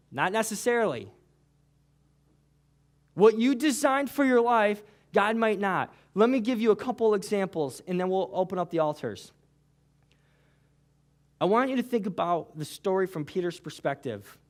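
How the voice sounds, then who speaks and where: A male pastor giving a sermon in a casual, conversational way, telling the story with lively asides. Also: high voice, moderate pace, long pauses.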